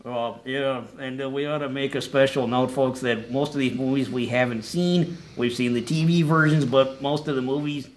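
A man's voice: mid-range voice, fairly even intonation, moderate pace, few pauses. Rambling man hosting a countdown. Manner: rambling, self-correcting, wry asides. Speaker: co-host of a top ten list show. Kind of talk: casual joking commentary.

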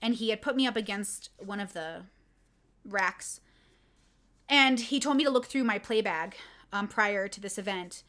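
A woman's voice: medium pitch, unhurried, pauses often, a bit bright. A young adult woman casually telling a personal story on a livestream, candid and rambling with many fillers. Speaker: content creator and streamer.

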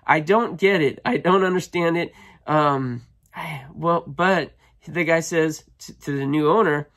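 A man's voice: on the high side, a little slow, a bit bright. A man vlogging casually, telling a long story with many ums and restarts, then touring a storage unit he bought. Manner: chatty, rambling, frequent ums and restarts. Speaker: storage locker buyer and vlogger.

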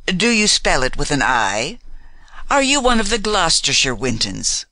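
A man's voice: a little high, sing-song, moderate pace, bright, forceful tone, no room sound, voice pushed up, full character voice, rough recording. A man voicing a haughty, nosy older society lady in an audiobook, prying and condescending under a polite surface. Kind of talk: audiobook character reading.

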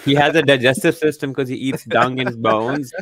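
A young man from Pakistan in a casual podcast chat, laughing often and reading quotes aloud slowly. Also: medium pitch, steady tone, fairly bright tone, slight background noise. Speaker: co-host.

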